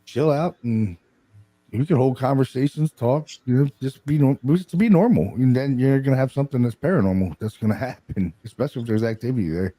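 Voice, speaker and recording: Laid-back, dark-voiced man telling ghost stories. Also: mid-range voice, brisk, dry recording. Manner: swears freely, laughs through stories. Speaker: guest paranormal investigator. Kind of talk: casual chat.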